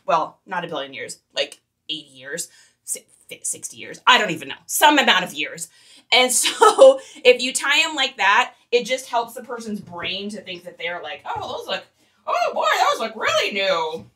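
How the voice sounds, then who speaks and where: A woman's voice: mid-range voice, sing-song, normal speed, a bit bright, far from the mic. A woman leading a casual livestream tutorial, chatty and giggly, and talking straight to her viewers. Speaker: online reseller teaching on a livestream.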